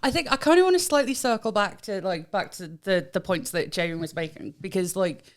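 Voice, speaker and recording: A woman's voice: mid-range voice, lively intonation, a little fast. A British woman co-hosting a podcast, talking casually and hesitantly, with many fillers. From Britain. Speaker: podcast co-host. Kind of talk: casual chat.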